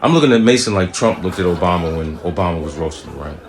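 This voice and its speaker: An animated, profane man tells a comic story in a lowish voice and keeps checking in with "right?". Background noise runs under the whole recording. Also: quick pace. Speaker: comedian, show host. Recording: noisy recording.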